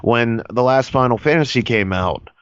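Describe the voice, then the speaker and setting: A man's voice: mid-range voice, normal speed, clear, resonant tone, no echo, highs cut off. A man co-hosting a podcast, chatting casually and rambling earnestly. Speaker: podcast co-host. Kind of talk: casual chat.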